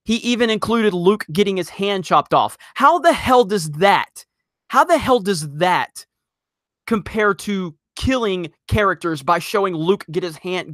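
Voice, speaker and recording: A man hosting a live stream, ranting loudly in exasperation and reading viewer messages. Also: sits high, no room sound, clean studio sound. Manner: exasperated, loud, rapid rants.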